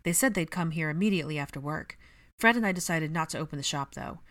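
A woman's voice: deep voice, lively intonation, quick pace, a bit bright. A woman reading the part of a teasing young man in a storybook reading.

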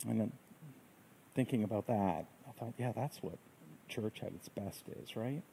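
Soft-spoken pastor guy, gravelly and mellow, reflective sermon, takes his time. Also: fairly low pitch, slight background noise, poor audio. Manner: gentle, reflective, unhurried phrasing.

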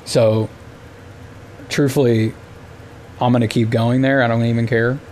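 A man's voice: medium pitch, flat delivery, measured pace, darkish tone, slight background noise. A man from the United States hosting a casual solo podcast, telling rambling, exasperated stories with plenty of filler words. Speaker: podcast host.

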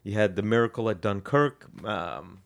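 A man's voice: lowish voice, moderate pace, gravelly. A man co-hosting a history podcast, casually explaining events with frequent ums, restarts and self-corrections.

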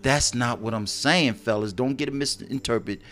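A man's voice: mid-range voice, normal speed, fairly bright tone. A man co-hosting a casual advice chat, drawing words out emphatically and using street slang. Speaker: co-host.

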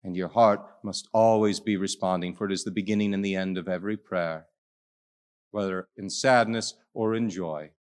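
A male Catholic priest giving a sermon, telling a story dramatically and swinging between hushed lines and loud ones. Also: deep voice, fairly even intonation, normal speed.

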